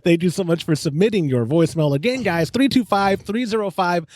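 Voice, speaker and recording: A man hosting a casual homebrewing podcast, joking and rambling, quick to laugh. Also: high-pitched, a little mellow. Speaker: podcast host. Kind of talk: casual chat.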